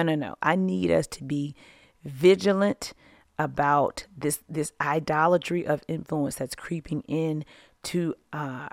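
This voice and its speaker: Animated woman teaching scripture, dry mic. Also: deep voice, dry recording. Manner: animated storyteller, laughs often, acts out quotes. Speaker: podcast host and Bible teacher. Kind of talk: casual devotional teaching.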